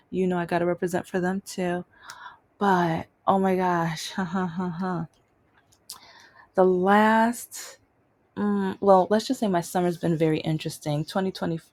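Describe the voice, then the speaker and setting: Casting: woman vlogger, dark mellow tone with gravel, lively storytelling. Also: lowish voice, dry recording. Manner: animated, exasperated retelling with mocking quoted voices. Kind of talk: casual storytelling vlog.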